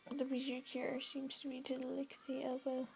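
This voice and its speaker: A woman's voice: high voice, monotone, moderate pace, creaky, a little mellow, soft background music. A woman in her late twenties, whispering a late-night confessional vlog with dry self-mockery while she has the hiccups. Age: 20s. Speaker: vlogger.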